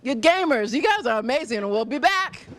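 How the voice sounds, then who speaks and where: A woman's voice: high voice, animated, fairly quick, fairly bright tone. A woman hosting a live stream from a restaurant, interviewing diners in a gushing, effusive way and laughing often. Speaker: roving host interviewing diners.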